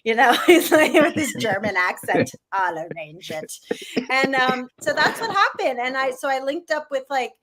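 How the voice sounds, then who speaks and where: A middle-aged woman, a guest musician, telling stories in a casual, rambling interview with lots of "like" and animated asides. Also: high voice, moderate pace, few pauses, a loud crowd. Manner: rambling, heavy use of "like", animated.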